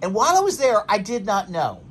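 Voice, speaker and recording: A male pastor co-hosting a casual faith podcast. His pitch swings widely as he tells animated stories, and he laughs often while he talks. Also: fairly quick, slight background noise. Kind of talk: casual faith chat, storytelling.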